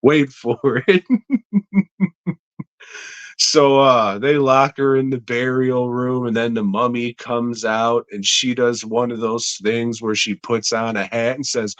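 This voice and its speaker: A man on a podcast recaps a film at an unhurried, drawn-out pace. His voice sits at an ordinary middle pitch, and he swears freely and chuckles as he rambles through the story. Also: steady tone, muffled recording. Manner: profane, laughing, slow rambling retelling. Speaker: podcast co-host. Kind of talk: casual movie recap.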